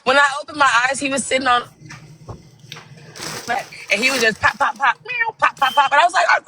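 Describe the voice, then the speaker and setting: Animated, bright-voiced woman telling stories. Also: high-pitched, brisk, pauses often, a little hiss or hum, poor audio. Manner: animated storytelling, profane, acts out quotes. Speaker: TikTok live host. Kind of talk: casual chat.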